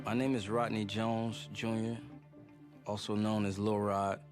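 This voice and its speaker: Low-voiced man recounting a story. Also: little pitch movement, unhurried, over loud music. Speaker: music producer, documentary interviewee. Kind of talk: documentary interview testimony. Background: clear documentary score.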